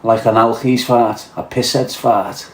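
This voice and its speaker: A man's voice: mid-range voice, level tone, unhurried, heavy background noise. A man with a Scouse accent chatting crudely on a livestream. He reads out viewer comments and tells swaggering, profane stories. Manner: profane, blunt, swaggering storyteller. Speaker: livestream host reading chat. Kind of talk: crude casual chat. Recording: roomy echo.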